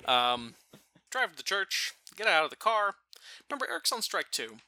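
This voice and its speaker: A man casually telling a funny family story, animated and profane, laughing now and then. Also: high voice, moderate pace, dry recording. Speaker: storyteller guest.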